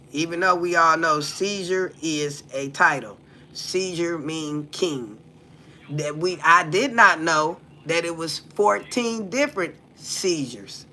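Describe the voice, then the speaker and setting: This American livestream host has a lowish, sharp-toned voice, with a bit of hiss or hum in the audio. Chatting casually, she's blunt and foul-mouthed and keeps throwing rhetorical questions at her viewers.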